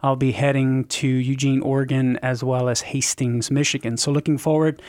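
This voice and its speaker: A man's voice: medium pitch, level tone, moderate pace, a little mellow. A man on a call-in radio show, explaining church teaching in an earnest, teacherly way. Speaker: Catholic apologist radio guest.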